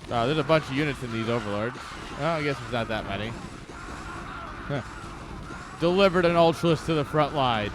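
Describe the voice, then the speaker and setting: A young man casting a live strategy game match, excitable and joking, breaking into loud yells. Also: medium pitch, a little fast, long pauses, over music. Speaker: esports caster. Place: home streaming setup.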